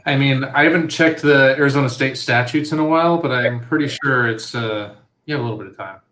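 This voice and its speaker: A man's voice: mid-range voice, fairly quick, fairly bright tone. A man in a casual chat over drinks, making dry jokes. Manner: dry joking. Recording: echoey room.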